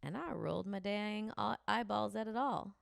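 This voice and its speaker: A woman's voice: medium pitch, normal speed, creaky, no echo, studio quality. A woman co-hosting a comedy podcast, chatting frankly and teasing with frequent laughter. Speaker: podcast co-host. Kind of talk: comedic casual chat.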